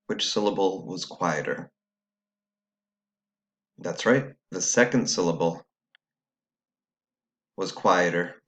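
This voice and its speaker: A man's voice: deep voice, takes it slowly, pauses often, fairly bright tone. A man teaching a recorded phonics lesson, patiently explaining step by step to students at home.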